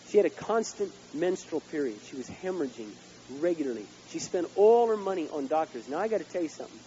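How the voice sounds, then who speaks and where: A male pastor preaching a sermon, swinging between loud outbursts and hushed asides. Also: a little high, animated, quick pace, lo-fi sound, slight background noise.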